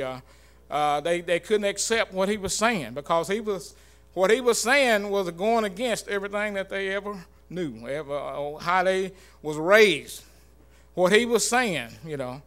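Earnest male church speaker, high bright voice, halting informal sermon. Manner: earnest, halting, many fillers and restarts.

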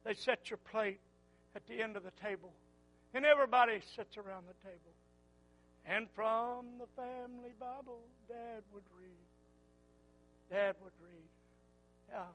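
An older man preaching a sermon, repeating his phrases and swinging from quiet murmurs to loud fervent calls. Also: very high voice, rough recording.

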